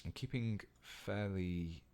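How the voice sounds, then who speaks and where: A man's voice: low voice, slow, smooth. A British man giving a casual painting tutorial on a live stream, chatting with viewers as he works. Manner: relaxed and chatty, reading out viewer comments.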